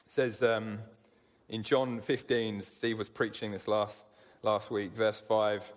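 A man's voice: lowish voice, level tone, slow. A man preaching a sermon in an earnest way, often repeating words as he begins a sentence. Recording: long hall reverb.

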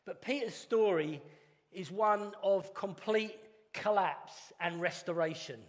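Earnest man preaching in a reverberant church. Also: sits high. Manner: earnest, conversational with dramatic pauses. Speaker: pastor. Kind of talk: sermon. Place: church hall. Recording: long reverb of a church hall.

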